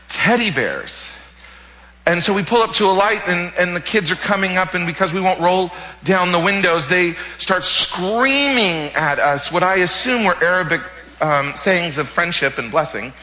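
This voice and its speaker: A man preaching as a pastor, telling a personal story in an animated way and often repeating words. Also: sits high, big-room sound, low-quality recording. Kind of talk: sermon testimony storytelling.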